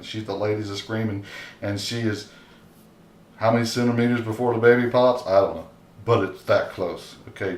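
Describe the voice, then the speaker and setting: A man preaching informally and earnestly, often checking in with his listeners by asking "okay?". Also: lowish voice. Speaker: lay preacher. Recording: echoey room with faint hiss.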